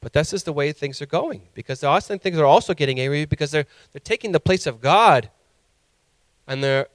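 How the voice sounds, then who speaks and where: Impassioned male preacher, slightly high voice. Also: expressive, fairly quick, no echo. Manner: impassioned preaching, rising to emphatic peaks. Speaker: pastor. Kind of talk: sermon.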